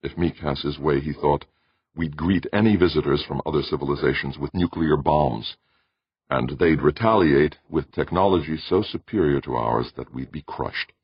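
A man reading an audiobook in steady scripted narration. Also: extremely low pitch, moderate pace, husky, dry recording. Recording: dull lo-fi, dry.

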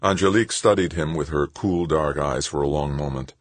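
A man narrating an audiobook with expressive storytelling. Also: extremely low pitch, a little fast, no echo. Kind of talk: scripted narration.

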